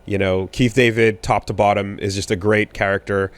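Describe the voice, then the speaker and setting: A man in his thirties co-hosting a podcast in casual chat, rambling with many fillers and restarts, getting animated when riled. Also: lowish voice, normal speed. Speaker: podcast co-host.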